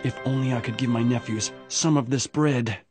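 An actor voicing a weary, humble ex-convict in a storybook, speaking in a hesitant, halting way. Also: male voice, medium pitch, steady tone, over music, lightly acted. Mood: despairing. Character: weary, humble ex-convict man, middle-aged. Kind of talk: storybook voice acting.

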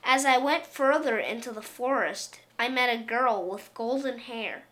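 Woman storyteller, unhurried children's picture-book read-aloud, bright tone, slightly high voice.

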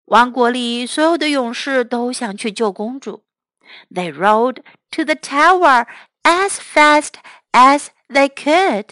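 A woman teacher reading a children's story aloud in two languages, clear and expressive. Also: high-pitched, slow pace, dry recording. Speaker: English teacher.

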